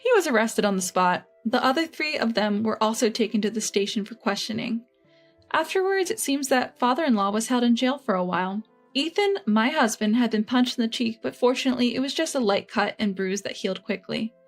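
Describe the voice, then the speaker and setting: A woman in her thirties narrating a scripted first-person story in a steady, even storytelling manner. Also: on the high side, fairly quick. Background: faint background music.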